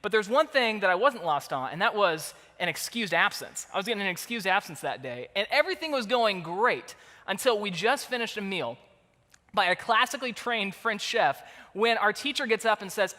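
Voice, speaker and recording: A man, a pastor, telling a lively, self-deprecating story as part of a sermon. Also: high voice, moderate pace, in a large hall. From Kansas City area, USA.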